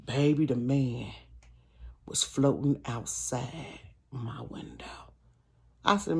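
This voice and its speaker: A woman's voice: very deep voice, slow, gravelly, pauses often. Chatty woman telling a storytime vlog. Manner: animated, chatty, frequent laughter, addresses viewers. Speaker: vlogger. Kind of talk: casual storytime monologue. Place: bedroom.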